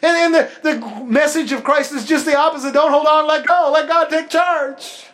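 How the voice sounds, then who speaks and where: A male pastor delivering a sermon with a notably high voice. He moves from loud, lively stretches into soft, hushed prayerful ones. He talks in a friendly, storytelling way to a church. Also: moderate pace. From Pacific Northwest, United States.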